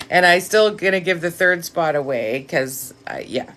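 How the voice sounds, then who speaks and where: A woman with a raspy voice hosting a casual live stream, effusive and profane, giving blunt direct advice to viewers. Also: on the low side, expressive, normal speed, a bit bright, slight background noise.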